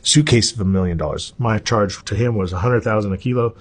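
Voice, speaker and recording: Man, middle-aged, husky low voice, animated interview storytelling, swears freely. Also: brisk. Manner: animated, profane storytelling, voices others in quotes. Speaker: interview guest.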